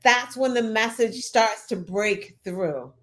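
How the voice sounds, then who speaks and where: A woman's voice: a little high, takes it slowly. A woman co-hosting a casual political chat show, talking emphatically and swearing freely, with lots of "like" and "you know". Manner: emphatic, profane, with many "like" and "you know" fillers. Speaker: co-host.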